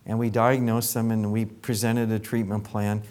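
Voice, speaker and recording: Low-voiced man telling dental anecdotes. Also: normal speed. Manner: animated anecdotes with acted quotes. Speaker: dentist. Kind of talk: casual storytelling.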